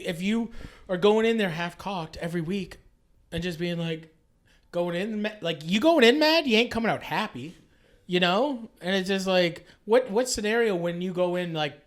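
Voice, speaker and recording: A man from Canada in his late thirties, talking as a guest on a podcast. His voice sits high for a man. He rambles and restarts, swears a lot and leans on "like" constantly. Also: moderate pace, fairly bright tone. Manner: rambling and profane, full of filler "like"s. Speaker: guest chef. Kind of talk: casual podcast chat.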